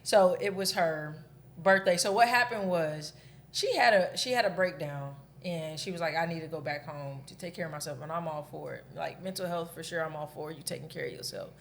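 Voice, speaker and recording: A woman's voice: sits low, fairly quick, a little hiss or hum. A woman in her thirties, a podcast co-host, telling a breakup story candidly in casual chat and swearing freely.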